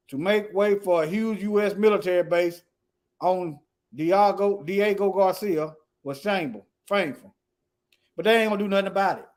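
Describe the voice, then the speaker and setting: A political commentator with a strikingly high voice reads news articles aloud and riffs on them loosely and off the cuff. He drives his points home by repeating phrases, stumbling over words along the way, and slips into a quiet mutter to himself between points.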